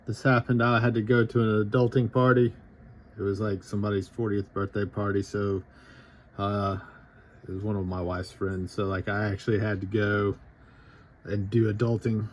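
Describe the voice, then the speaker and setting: A man's voice: fairly low pitch, little pitch movement, normal speed, muffled recording, a little hiss or hum. A man in his thirties with an Appalachian Southern drawl, telling a casual anecdote in a rambling, profane way full of fillers. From Southern United States. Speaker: storytelling vlogger.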